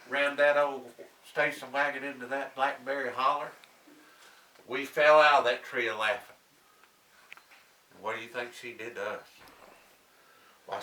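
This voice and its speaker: Slow, dramatic older storyteller. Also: male voice, a little high, roomy sound, distant mic, rough recording. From Tennessee, US. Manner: slow, dramatic, draws out words, hushes and shouts. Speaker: family storyteller. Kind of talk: oral storytelling to family.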